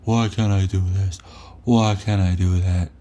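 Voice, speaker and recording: A man's voice: low voice, fairly even intonation, unhurried, mellow, voice pushed down. A man putting on the voice of a fretful, self-pitying man moaning about his failures. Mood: whiny. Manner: moaning, mock-pathetic.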